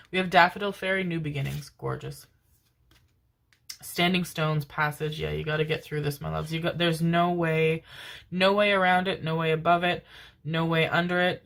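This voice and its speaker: A woman's voice: deep voice, a little hiss or hum. A woman giving a pick-a-card tarot reading, affectionate and rambling, with casual swearing. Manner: affectionate, calls listeners "my loves", casual swearing; rambling, many fillers and restarts. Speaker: tarot reader.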